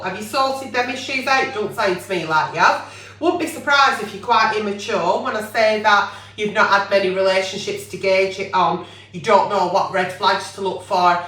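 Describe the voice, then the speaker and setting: A blunt woman hosts a late-night advice chat. She swears freely and fires off rhetorical questions in a bright, sharp voice. She sits back from the mic in an echoey room. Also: fairly high pitch, far from the mic. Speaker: advice show host.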